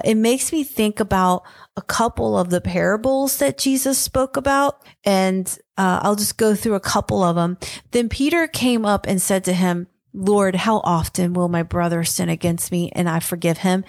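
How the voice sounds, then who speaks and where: A woman's voice: medium pitch, normal speed, no echo, clean studio sound. Earnest woman teaching scripture. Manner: earnest, retells scripture in plain words with fillers. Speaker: podcast co-host teaching on scripture. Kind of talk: devotional Bible teaching.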